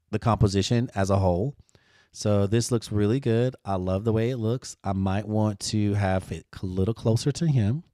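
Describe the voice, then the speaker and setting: A man's voice: on the low side, mellow, smooth, no echo, clean studio sound. A man hosting a live design tutorial, talking to viewers in a playful, sassy way.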